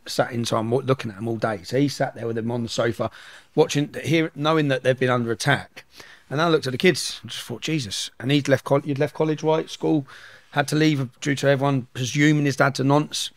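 A man's voice: mid-range voice, no echo. A middle-aged man, telling a story at speed in an interview and acting out the dialogue. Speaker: guest.

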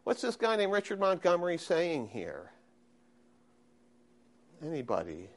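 A man lecturing a university history class, animated and questioning his students. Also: on the high side, measured pace. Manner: animated, asks students questions, frequent "okay?". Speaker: history professor.

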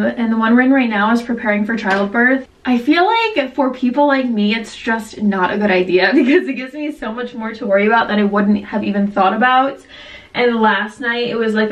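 A woman's voice: on the high side, far from the mic, poor audio. A heavily pregnant young woman chatting casually to her viewers, out of breath, with lots of "like" and small laughs. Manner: chatty, filler-heavy, laughs often. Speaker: vlogger. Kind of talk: casual vlog chat.

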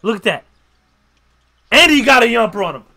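A young man hosting a casual basketball reaction video, excitable and slangy, swearing and breaking into loud outbursts. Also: extremely high pitch, normal speed. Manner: slangy, repeats catchphrases. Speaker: YouTube reaction host.

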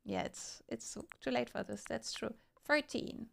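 A young woman streaming a game, chatting casually with her viewers and breaking into excited shouts. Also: a little high, normal speed, vocal fry, hardly any pauses. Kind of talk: casual live-stream chat.

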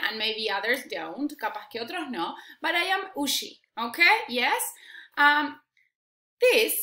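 High, bright-voiced woman telling a children's story. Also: reverberant. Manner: slow and animated, repeating lines in Spanish. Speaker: teacher.

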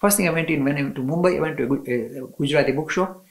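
Male teacher, interview guest, eager storyteller, slightly high voice with a gravelly fry. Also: very fast, low-quality recording. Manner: enthusiastic, laughs often, restarts sentences. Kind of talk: storytelling in a conversation.

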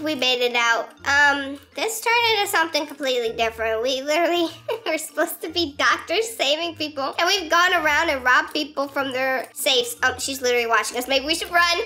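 Excitable giggly woman doing gameplay commentary. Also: high voice, brisk, soft background music. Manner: excitable and giggly, bursts into shrieks. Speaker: gaming YouTuber. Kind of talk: role-play gameplay commentary.

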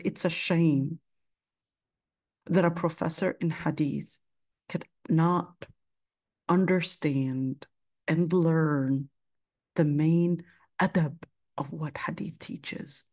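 A woman's voice: low voice, a little mellow. A woman teaching an Islamic studies class, telling a personal story with passion and acting out both sides of the conversation. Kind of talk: storytelling lesson with quoted dialogue.

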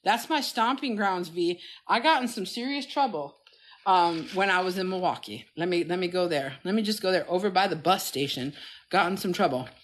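A woman's voice: fairly low pitch, normal speed. A middle-aged woman coaching and telling stories on a phone live stream, blunt and profane. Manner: blunt, profane, animated storyteller. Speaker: health coach. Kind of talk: casual TikTok live chat.

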